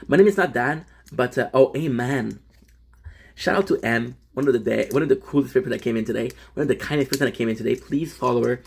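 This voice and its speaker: A man's voice: medium pitch, gravelly, darkish tone, breathy edge. A young French Canadian man hosting a casual livestream, chatting and greeting viewers by name with frequent restarts. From Quebec, Canada. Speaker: livestream host.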